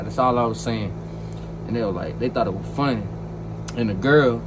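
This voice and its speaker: A young man telling a personal story in a casual, animated way, full of slang and repeated phrases. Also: fairly high pitch, normal speed, noisy background.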